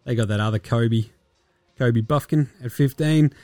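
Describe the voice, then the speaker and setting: A man with an Australian accent hosting a casual basketball podcast, sarcastic and profane, often mimicking players in quick asides. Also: medium pitch, dark tone, dry recording. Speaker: podcast host.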